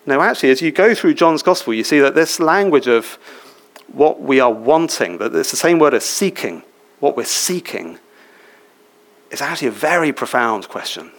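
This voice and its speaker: Male preacher, conversational sermon, asks questions of the congregation, mid-pitched. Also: sing-song, normal speed. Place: church.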